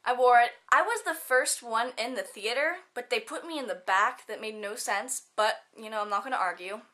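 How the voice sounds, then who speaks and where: Teen girl vlogger, bright and forceful tone, a touch high, giggly chatter. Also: brisk. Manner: bubbly, giggly, lots of fillers and quoted asides. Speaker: student vlogger. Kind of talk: casual chatty vlog.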